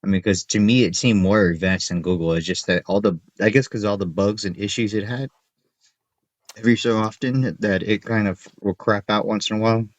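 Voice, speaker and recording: A man in his thirties co-hosting a podcast, telling animated, profane stories in casual chat. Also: fairly low pitch, a little fast, no echo. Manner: animated storyteller, profane, acts out kids' voices. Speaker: podcast co-host. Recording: dull, slightly lo-fi podcast audio.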